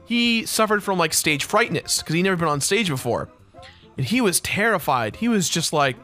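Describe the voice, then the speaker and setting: A high-pitched, animated man in his twenties hosts a let's play, casually telling a story over gameplay with plenty of laughing and swearing. He speaks at a normal speed in a sharp tone, with soft music in the background.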